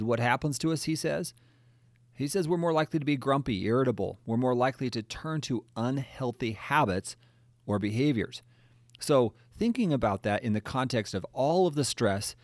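A man's voice: mid-range voice, expressive, moderate pace, no echo, studio quality. A middle-aged male clinician co-hosting a podcast, explaining earnestly and asking rhetorical questions. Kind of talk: conversational discussion.

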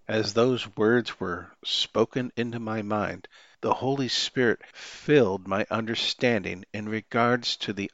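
A man hosting a podcast, giving a measured, scripted Bible teaching. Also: on the low side, creaky, fairly bright tone, no echo, muffled recording. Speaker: podcast host.

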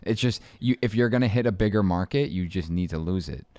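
A man with a very low, smooth and resonant voice and only a faint trace of a Boston accent, talking as an interview guest. He rambles through his thoughts with many restarts and asides. The sound is close and dry. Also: brisk, darkish tone, no echo. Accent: faint Boston, mostly smoothed out. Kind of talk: casual interview talk.

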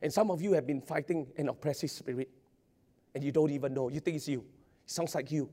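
A male pastor, preaching a sermon in an excitable way, repeating words and laughing often. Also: a little high, fairly quick. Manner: excitable, stammering repetitions, frequent laughter.

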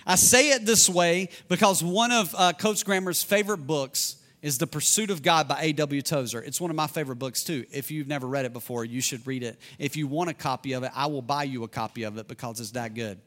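A man preaching a sermon as pastor, earnest and conversational, repeating key lines for emphasis and moving between loud declarations and hushed passages. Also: a little high, brisk, few pauses.

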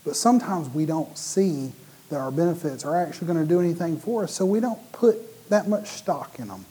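A man preaching a sermon, animated and often restarting or repeating his words mid-sentence. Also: fairly high pitch, fairly quick, breathy edge.

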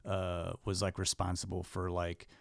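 A man hosting a casual film podcast, rambling with many fillers and restarts and trailing off quietly. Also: deep voice, completely flat delivery, a little slow, gravelly, no echo. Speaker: podcast host.

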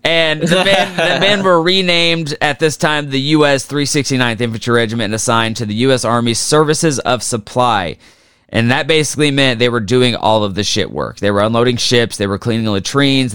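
A man's voice: mid-range voice, moderate pace, fairly bright tone, clean tone, dry recording, clean studio sound. A man co-hosting a casual history podcast, profane and jokey, slipping into mocking voices as he tells the story. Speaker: podcast co-host.

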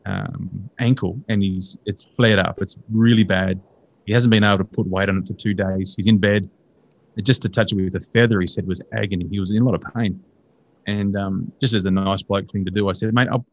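An earnest Australian man tells a story about his own life in a relaxed conversational way, excitable and animated as he goes. His voice sits fairly low, and the sound is dry and close with little room echo. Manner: earnest, excitable, jumps into high voices for quotes. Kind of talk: casual storytelling.

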